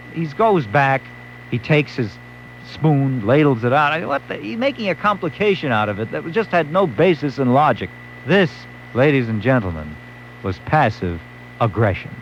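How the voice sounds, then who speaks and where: This male late-night radio talk show host has a slightly high voice as he tells a wry story and performs the quotes. The recording is dull, lo-fi AM radio with some background noise.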